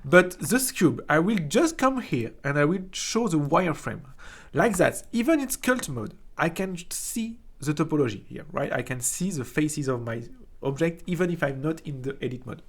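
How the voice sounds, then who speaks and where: A young man from France speaks English with a thick French accent, chatty and informal. His male voice sits a little high, and he keeps checking in with "right?" and restarting his sentences as he teaches. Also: sing-song, moderate pace. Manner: chatty, frequent "right?" tags, many restarts. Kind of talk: casual screen-recorded software tutorial.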